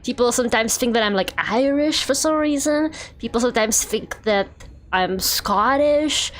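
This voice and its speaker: A woman's voice: a little high, animated, moderate pace, slight background noise. A young woman from Russia streaming a game, talking casually and chattily with lots of fillers and frequent laughter. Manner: chatty, rambling, filler-heavy, laughs often. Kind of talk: casual gameplay chat.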